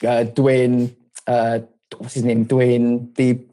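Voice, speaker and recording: A man's voice: medium pitch, monotone, slow, dark tone. A man co-hosting a gaming podcast in casual chat, rambling and hesitating with fillers and laughs. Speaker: podcast co-host.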